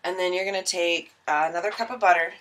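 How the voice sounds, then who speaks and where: A woman's voice: fairly low pitch, fairly even intonation, fast, fairly bright tone, a little hiss or hum. A tipsy young woman filming a casual baking tutorial in her home kitchen, giggly, rambling and self-mocking.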